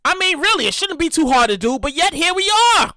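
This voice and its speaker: A woman's voice: sits high, fast, no room sound, studio quality. A woman hosting her own podcast in a casual, profane, ranting monologue. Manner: animated, profane, ranting storyteller. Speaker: podcast host.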